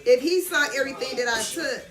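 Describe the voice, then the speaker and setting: A middle-aged woman vlogger animatedly retells a story while getting her hair done, keeping it casual and often asking "you understand?" to check the listener follows. Her high voice is brisk, in an echoey room with busy background chatter.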